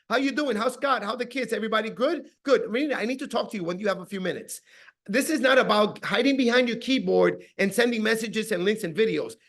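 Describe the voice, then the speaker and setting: Energetic man with a high voice, sales coach on a video call, playful and punchy. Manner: animated, acts out phone calls, says "right?" often. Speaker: team leader giving sales training.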